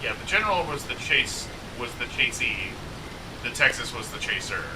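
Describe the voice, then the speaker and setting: A man's voice: mid-range voice, very animated, normal speed, background noise. A man chatting casually as a co-host, rambling with lots of "like" and poking fun at himself. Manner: rambling, lots of "like", self-mocking. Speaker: co-host of a gaming chat. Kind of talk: casual chat. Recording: distant mic.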